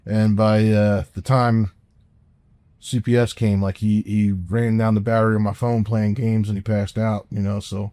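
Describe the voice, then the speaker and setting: A man with a low, warm, mellow voice tells a story on a podcast. His talk is loose and rambling, full of restarts and casual swearing. The sound is dry and close. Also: little pitch movement, moderate pace, dry recording. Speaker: podcast co-host.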